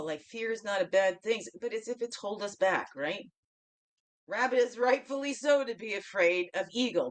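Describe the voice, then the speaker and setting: A woman in mid range hosts a casual spiritual card reading, talking to her listeners like friends. She keeps checking in with a quick "okay?" and laughs easily. Her voice jumps from loud bursts to near-murmured asides. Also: medium pitch. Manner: laughs often, swings between loud and soft. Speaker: host of a daily reflection show.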